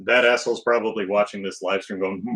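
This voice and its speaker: A man's voice: fairly low pitch, fairly bright tone, poor audio. A man hosting a live stream, baking and grumbling to himself in casual, exasperated chat.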